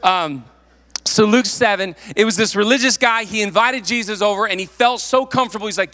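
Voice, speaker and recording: Animated pastor preaching in a reverberant hall. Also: male voice, sits high, brisk. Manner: animated, playful, acts out the people in the story. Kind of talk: sermon. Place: church sanctuary.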